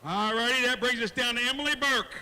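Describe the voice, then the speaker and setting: Auctioneer, male, fast chant, folksy; high crisp voice carrying through a reverberant arena. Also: bright, forceful tone. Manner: rattles off bids in a fast rhythmic chant; folksy, jokes with bidders and kids. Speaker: livestock auctioneer. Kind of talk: rapid auction chant and announcements. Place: county fair show arena.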